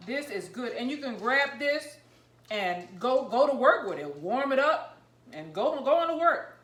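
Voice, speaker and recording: A woman vlogging about home cooking, chatting excitedly and rambling while she tastes and eats her food. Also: high voice, a little slow, roomy sound. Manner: talking while eating, mouth full. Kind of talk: casual cooking vlog, tasting on camera.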